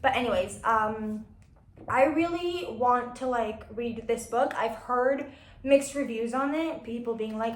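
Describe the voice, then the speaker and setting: A young woman chatting casually about her unread books, rambling with restarts and quick apologies. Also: a little high, echoey room. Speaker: book vlogger.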